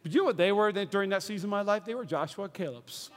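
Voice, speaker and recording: A man preaching a sermon, energetic, swinging between shouts and hushed lines. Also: high-pitched, very fast. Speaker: pastor. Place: church hall. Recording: reverberant hall.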